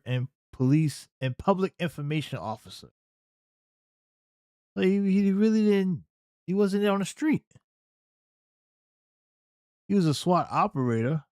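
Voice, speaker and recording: Brief: young male commentary host, slightly high voice, fired-up incredulous rant, dry close mic. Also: a little mellow, smooth, no echo. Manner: heated, incredulous, profane ranting. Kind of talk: unscripted reaction commentary.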